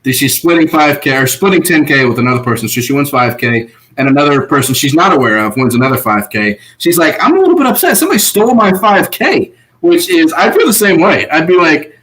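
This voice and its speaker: A podcast co-host with a mid-range voice talks a little fast and barely pauses, and the recording is rough. He recaps things casually, animated and often laughing, and acts out the contestants he quotes.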